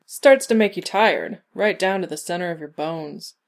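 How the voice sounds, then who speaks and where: A silky male devil, voiced by a woman reading aloud, drawls his threats with smug, teasing ease. His voice sits low and unhurried, every word coaxing. He sounds like he already owns the deal. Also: close to an everyday voice. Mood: sly.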